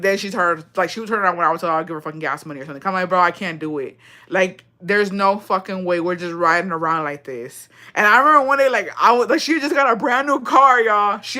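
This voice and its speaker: This is a young woman a bright, forceful voice, chatting casually to her viewers. She swears often and switches into mid-sentence. Her pitch sits in the middle range for a woman. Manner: profane, expressive, mixes in Spanish phrases. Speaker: streamer. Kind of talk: casual storytelling chat.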